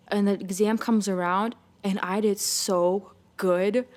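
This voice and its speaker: A young woman, a podcast guest, telling a lively personal faith story and acting out her own thoughts in quotes. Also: medium pitch, normal speed. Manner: animated storytelling with quoted inner dialogue. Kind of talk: casual faith testimony.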